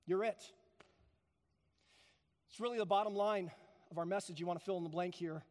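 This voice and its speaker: A man's voice: high-pitched, steady tone, normal speed, darkish tone, in a large hall. A man preaching a sermon, emphatic, repeating key phrases for stress. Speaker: pastor.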